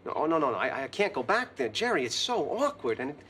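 A whiny, neurotic sitcom loser. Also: male voice, on the high side, sing-song, fast talker, fairly bright tone, breathy edge, full character voice. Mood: sheepish. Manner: anxious, whiny, rambling complaints. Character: neurotic, self-pitying man in his thirties. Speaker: sitcom character. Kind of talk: sitcom acting. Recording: studio audience laughter over background noise.

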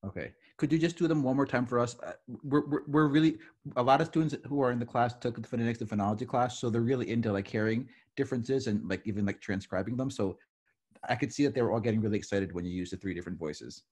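A man who teaches the course asks his guest quick clarifying questions over a video call. His voice is husky and his pace is rapid. He often restarts his words. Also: mid-range voice, darkish tone. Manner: stumbling restarts. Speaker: course instructor.

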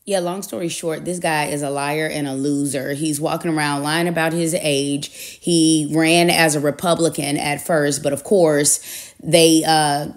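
Blunt low-voiced woman giving commentary. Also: steady tone, a little slow. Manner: blunt, warning, preachy. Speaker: commentary host. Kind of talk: commentary to camera.

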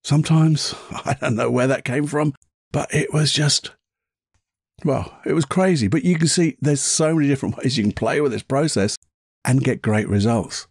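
A man's voice: mid-range voice, normal speed, breathy edge, dry recording, clean studio sound. A man hosting a podcast, telling personal stories in a chatty way and laughing at his own anecdotes. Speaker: podcast host. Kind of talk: casual storytelling monologue.

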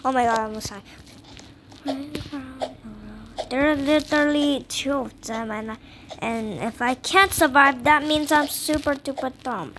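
A woman's voice: high voice, a bit bright, a little hiss or hum. A woman with a sound giving jittery, dramatic commentary while playing a game, dropping to whispers and jumping to squeals. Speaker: gamer playing a horror escape game. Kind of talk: casual gameplay commentary.

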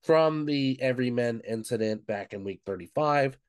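This book club podcast co-host walks through the plot in a relaxed way, with frequent "um"s and "of course"s. He speaks at a moderate pace in a medium pitch, and the studio sound is clean with no echo.

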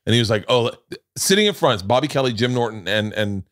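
A man's voice: mid-range voice, animated, fast, fairly bright tone, dry recording. Middle-aged male podcast host, storyteller, profane, does quoted voices, dry close sound. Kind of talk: casual chat.

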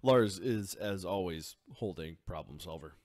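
A man's voice: low-pitched, unhurried, a little mellow. A man playing a tabletop game, speaking casually with dry sarcasm. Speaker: player.

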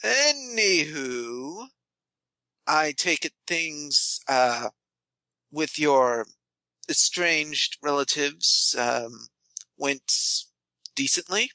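A man's voice: on the high side, very slow, bright, forceful tone, no echo. Rambling, hesitant man player. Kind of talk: playing a tabletop game.

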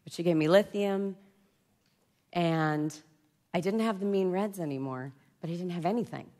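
A woman giving a confessional personal-story talk at a conference, swinging from loud outbursts to hushed near-whispers. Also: lowish voice, moderate pace. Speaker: conference speaker. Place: conference stage before an audience.

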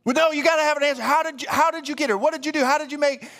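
A man voicing an insistent male angel questioning a newcomer, high and pushy. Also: steady tone, very fast, a bit bright.

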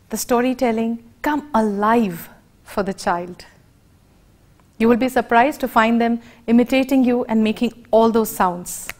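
Slow, high-voiced Indian woman lecturing. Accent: Indian English. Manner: deliberate, expressive teaching delivery. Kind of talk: educational lecture.

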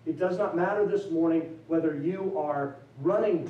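A man's voice: a little high, normal speed, few pauses, warm tone. Man preaching in an echoey chapel. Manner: conversational preaching with emphatic rising build-ups; loose and self-deprecating, with fillers and restarts. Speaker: chapel speaker. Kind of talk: sermon. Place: college chapel. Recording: echoey chapel, mic at a distance.

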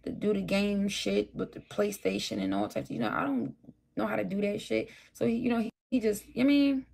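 Gravelly woman ranting on a livestream. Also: mid-range voice, expressive, a little fast, darkish tone. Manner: profane, combative, talks straight at her chat. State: tired, burnt out. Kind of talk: late-night livestream rant to viewers.

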